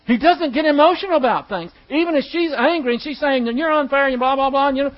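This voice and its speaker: A man with a notably high voice delivers a sermon-style teaching, driving home points with rhetorical questions and slipping into quoted dialogue. The recording is dull and lo-fi. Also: animated, quick pace. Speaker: preacher teaching a class.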